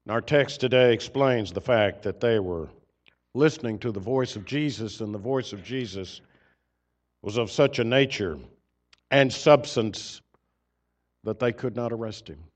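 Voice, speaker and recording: A man preaching a sermon through a microphone in a church, earnest, growing loud on key points and dropping soft between them. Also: medium pitch, measured pace. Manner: earnest, swells louder on key points then drops soft. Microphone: microphone system.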